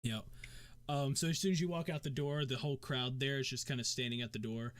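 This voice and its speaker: A man's voice: mid-range voice, fairly even intonation, brisk. A man running a tabletop game as game master, narrating in a rambling way full of fillers.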